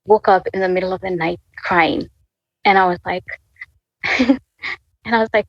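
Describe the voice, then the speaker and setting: A woman in her twenties telling an emotional faith story as a podcast guest. She speaks haltingly, restarts often, and laughs through tears. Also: medium pitch, animated, no room sound, dull audio. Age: 20s. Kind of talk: emotional personal testimony.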